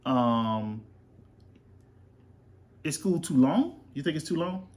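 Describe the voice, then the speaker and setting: A man's voice: fairly high pitch, animated, slow pace, a little mellow. A man, chatting as podcast host and father, rambling with lots of fillers. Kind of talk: casual chat. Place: home.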